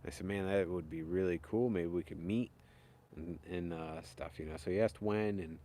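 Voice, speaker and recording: A man's voice: low-pitched, fairly even intonation, moderate pace, warm tone, slight background noise. A young man chatting casually and rambling on a live stream, chuckling often. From upstate New York. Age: young adult. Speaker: chainsaw carver hosting a live stream.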